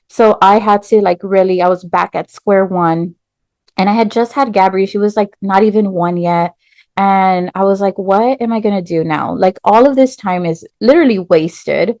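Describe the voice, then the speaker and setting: A woman tells her own story as a podcast guest, animated, with lots of "like" and "um" fillers. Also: mid-range voice, dry recording. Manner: animated storyteller, acts out quoted voices, many "like" and "um" fillers. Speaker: podcast guest, nurse and business owner. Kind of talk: casual storytelling interview.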